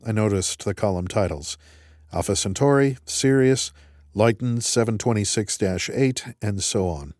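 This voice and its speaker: A man's voice: fairly low pitch, lively intonation, normal speed, darkish tone, no echo, studio quality. A man narrating an audiobook in the first person with a wry, conversational manner.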